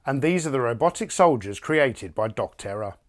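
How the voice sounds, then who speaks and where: A man reading a scripted toy review narration in an even, polished way. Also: mid-range voice, normal speed.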